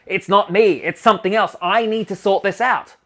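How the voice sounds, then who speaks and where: A man with a fairly high voice talks straight to camera about healing and growth. He is animated and emphatic, with loose, swearing-laced phrasing, and his delivery keeps pushing up in energy. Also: moderate pace. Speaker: healing coach and channel host. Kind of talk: casual self-help monologue to camera.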